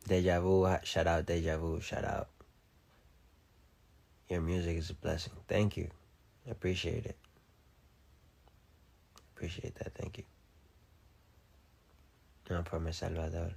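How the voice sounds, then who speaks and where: Young guy on a phone livestream, deep gravelly voice, slow easy joking chat, can't roll his r's. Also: little pitch movement, a little mellow. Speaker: musician on a live stream. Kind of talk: casual live-stream chat, reading comments.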